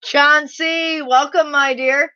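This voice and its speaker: A woman's voice: high voice, steady tone, slow pace, pushed and bright, muffled recording. A woman hosting a casual live stream, reading chat aloud and telling stories with lots of laughter.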